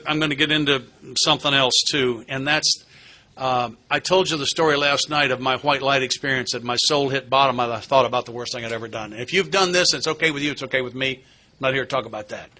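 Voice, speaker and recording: A middle-aged man tells his own story to a recovery meeting, earnest and plain-spoken, with flashes of wry humor. His voice is strikingly bright and forceful. He speaks at an even, ordinary pitch. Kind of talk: candid personal testimony talk. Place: meeting hall.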